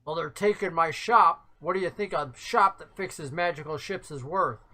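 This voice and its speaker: A game master voicing a gruff, broke male half-orc shipwright who grumbles and complains in a tabletop game. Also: mid-range voice, sharp tone, close to an everyday voice. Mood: wary. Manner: grumbling, quick to complain, bursts into roaring laughter.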